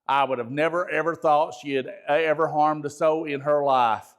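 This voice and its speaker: A pastor giving a conversational training talk, folksy, repeating words and asking the audience questions. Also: male voice, on the high side, steady tone, moderate pace.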